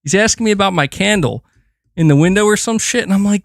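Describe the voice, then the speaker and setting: A young gaming streamer chats casually on a live stream from a room at home, ranting with animated exasperation and laughs. His voice is high, quick, and creaky, recorded cleanly in the studio with no room sound.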